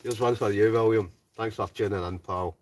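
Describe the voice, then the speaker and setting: Low-voiced chatty Scottish man. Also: steady tone, moderate pace, recorded from a distance. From Scotland. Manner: chatty, reads out viewer comments, tags lines with "right?". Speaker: live stream host. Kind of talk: casual live-chat banter. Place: inside a hot tent with a stove.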